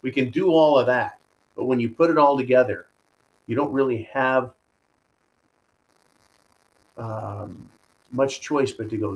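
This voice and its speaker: A man's voice: medium pitch, animated, measured pace, long pauses, low-quality recording. A man hosting a live stream, giving combative political commentary and reading viewer donations, often turning to his audience with "folks" and "right?". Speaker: host of a live stream show.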